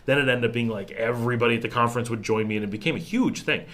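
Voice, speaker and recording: Middle-aged male livestream host, casual storyteller at a mid pitch, rambles with lots of restarts. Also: very fast. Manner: animated, acts out quotes in changed voices, restarts often. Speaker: livestream host answering viewer questions. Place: home in a town abroad.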